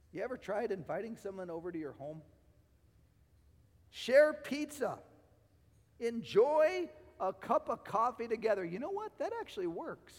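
A male pastor preaching a sermon, using repetition and swinging between loud and quiet phrases, his voice going hoarse. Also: high-pitched, big-room sound. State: losing his voice. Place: church sanctuary.

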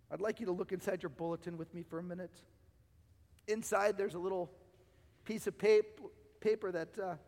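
Pastor guy preaching, high voice, repeats lines, getting hoarse, echoey church hall. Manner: rhetorical, repeats phrases, swings from loud to quiet. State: losing his voice. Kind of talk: sermon. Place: church sanctuary.

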